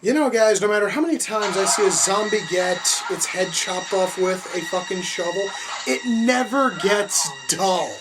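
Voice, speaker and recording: Excitable, foul-mouthed movie reaction host, recorded at a distance. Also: mid-range voice, moderate pace. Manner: excitable, profane, openly gleeful at gore. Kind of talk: casual movie reaction commentary. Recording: distant mic with faint music behind.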